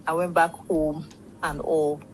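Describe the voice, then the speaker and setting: A woman's voice: low-pitched, level tone, a little slow, slight background noise, rough recording. A woman, a guest telling a long story in a rambling, casual way and acting out what others said. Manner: rambling, acts out quoted speech, swears. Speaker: interview guest.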